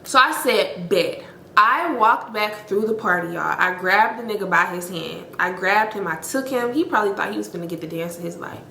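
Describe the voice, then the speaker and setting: A woman of twenty-eight telling her viewers a story in a casual, blunt, animated way, swearing freely and calling them y'all. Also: medium pitch, a little fast, vocal fry, few pauses, a little hiss or hum. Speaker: storytime vlogger. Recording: echoey room.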